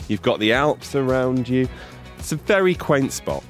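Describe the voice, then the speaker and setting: A man's voice: medium pitch, big pitch swings, moderate pace, soft background music. A man co-hosting a podcast outdoors by a river, playful and reeling off facts in casual chat. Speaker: podcast co-host.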